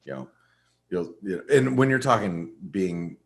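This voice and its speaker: A middle-aged man hosts a casual trading webinar, rambling loosely through market analysis with frequent restarts and fillers. His voice is low-pitched and very animated, at a moderate pace.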